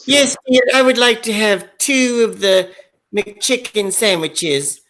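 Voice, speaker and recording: A man's voice: high-pitched, expressive, slow pace, a bit bright, pitched above the performer's own voice, full character voice. A man putting on the voice of a prim, sugary elderly nanny woman who calls people dear.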